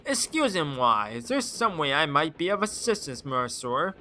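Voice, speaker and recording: A man's voice: fairly high pitch, big pitch swings, moderate pace, bright, forceful tone, a little hiss or hum. A man doing a pompous portly detective. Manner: mock French phrases, pompous. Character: portly dapper male detective, pompous and fussy.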